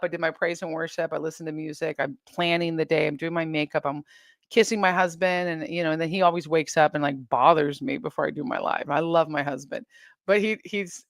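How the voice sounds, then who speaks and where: On a laid-back live stream, a woman with a fairly low, gravelly voice reads out viewer comments and responds to them. She giggles and wanders off on tangents while she talks. The audio is close-miked and dry, without any room echo.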